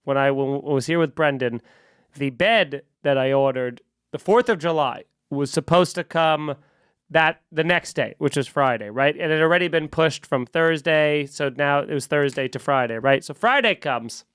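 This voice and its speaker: A young man hosting a podcast, telling a long story in casual chat, animated and profane, acting out the people in it. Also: on the high side, normal speed, clear, resonant tone, no echo, clean studio sound. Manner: animated, profane, acts out quoted exchanges. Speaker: comedian podcast host.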